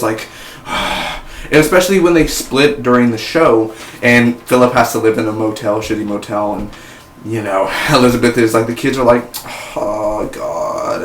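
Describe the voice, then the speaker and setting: A man's voice: medium pitch, a little hiss or hum. A man reviewing a television series in a casual, rambling way, often saying "man". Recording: echoey room.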